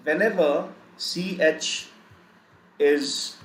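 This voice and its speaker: A man teaching a live online German pronunciation lesson, spelling out letters and repeating sounds in slow drills. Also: fairly high pitch. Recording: echoey room with faint background noise.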